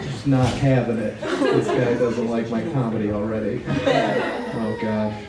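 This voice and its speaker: A man's voice: medium pitch, steady tone, unhurried. A young man doing a self-deprecating stand-up set, bantering awkwardly with a college audience. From United States. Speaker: stand-up comedian. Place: college auditorium before a live audience. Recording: far, echoey hall with loud noise.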